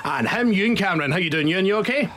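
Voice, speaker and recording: A Scottish man hosting a football podcast with lively, teasing banter. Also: sits high, rapid-fire, soft background music. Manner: lively, mock-stern banter. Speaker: podcast host. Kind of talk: casual chat.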